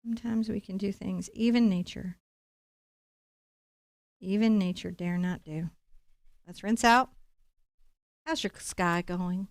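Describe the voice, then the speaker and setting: A woman's voice: mid-range voice, slow pace, pauses often, no echo, clean studio sound. A woman leading a live-streamed painting lesson, talking playfully and encouragingly straight to her viewers. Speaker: painting instructor.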